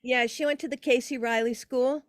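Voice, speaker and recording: Older female guest, lively raconteur with big pitch swings; higher register, dry close mic. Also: moderate pace, dry recording. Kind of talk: casual storytelling interview.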